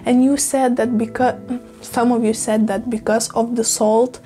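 A woman's voice: fairly high pitch, dark tone. A woman chatting casually in a vlog, sick and with her voice just coming back, tired and laid back. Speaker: plant vlogger.

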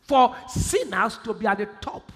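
A man with a Nigerian English accent preaching a sermon, quoting scripture and bursting into shouted emphasis. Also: sits high, measured pace. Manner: preaching with sudden shouted emphasis and Bible quotes. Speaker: pastor. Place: large church hall. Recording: live church hall with long reverb.

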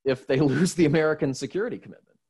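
A man's voice: a little high, a little mellow, husky. Man pushing back firmly in a debate. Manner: measured, explanatory, pushes back firmly. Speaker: paper author, panel speaker. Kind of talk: academic debate.

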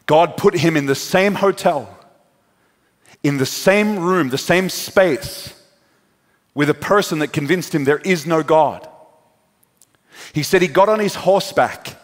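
The pastor's voice is a little high and a little slow, broken by long pauses. Preaching in a large, reverberant church hall, he narrates a story dramatically and acts out the figures in it.

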